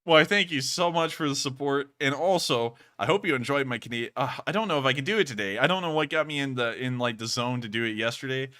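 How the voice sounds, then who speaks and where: A man's voice: medium pitch, quick pace, few pauses, pushed and bright. A young man of about twenty hosting a live stream, earnestly and effusively thanking viewers for donations. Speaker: livestream host.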